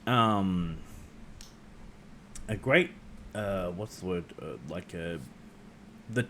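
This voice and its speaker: A man's voice: low-pitched, drawn-out words, fairly bright tone, slight background noise. A man hosting a casual livestream chat, rambling with many ums and restarts and swearing freely. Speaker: host.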